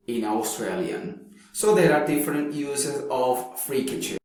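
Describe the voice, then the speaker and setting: A man's voice: medium pitch, expressive, a little mellow. A man teaching a phonetics lecture, repeating words carefully to show how they are pronounced. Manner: slow, demonstrating pronunciations by repeating words. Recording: very echoey room.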